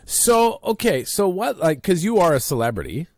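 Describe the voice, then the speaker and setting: A man's voice: high voice, very animated, moderate pace. A man co-hosting a podcast, rambling and poking fun at himself in casual chat. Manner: rambling, self-deprecating, many fillers. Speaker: podcast co-host.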